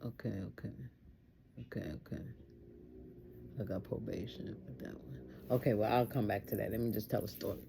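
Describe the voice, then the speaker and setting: Woman telling a personal story, gravelly, dark mellow tone, earnest and repetitive. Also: rumbling low, fairly even intonation, fairly quick, long pauses, slight background noise. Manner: earnest, repeats phrases for emphasis.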